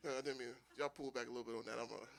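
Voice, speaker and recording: His voice is medium-pitched, very fast and creaky, with a little hiss or hum in the recording. He's a Philadelphia comic doing a stand-up set at a small live venue with an audience, spinning loose, animated stories and often laughing at his own jokes.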